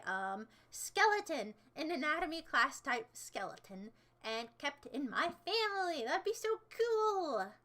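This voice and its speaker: A woman's voice: sits high, bright, forceful tone. A young adult woman hosting a livestream and chatting casually as she reads viewer comments, playful and jokey with a self-mocking streak. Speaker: livestream host.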